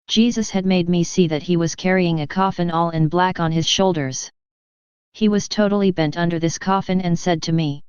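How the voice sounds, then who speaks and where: A woman reads a mystic's diary in an earnest, steady first-person voice. Her tone is low and very clear. The recording is dry and close, and a little muffled, like a lo-fi recording. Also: brisk, dry recording. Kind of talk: devotional reading.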